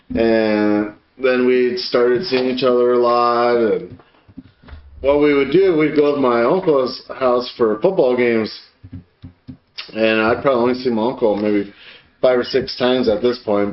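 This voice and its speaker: A man's voice: medium pitch, fairly even intonation, moderate pace. Profane laughing man in an echoey room. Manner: profane, laughing while telling a story. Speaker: podcast co-host. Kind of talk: casual storytelling. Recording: echoey room, dull lo-fi sound, faint noise.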